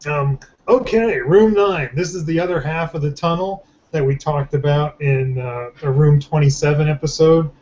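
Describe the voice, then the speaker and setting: A man's voice: a little high, dark tone. A man hosting a podcast in casual chat, joking and rambling with restarts. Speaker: podcast host. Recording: dull lo-fi recording.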